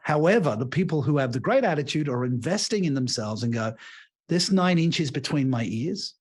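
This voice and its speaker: Speaking at a normal speed in a fairly high, slightly rough voice, a man who is a leadership coach and author holds forth in a podcast interview. He's an animated, expansive storyteller who imitates the people he talks about.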